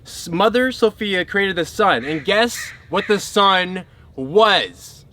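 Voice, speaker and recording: A man's voice: sits high, animated, slow pace, sharp tone. A man giving an emphatic spiritual teaching talk who keeps checking in with his listeners.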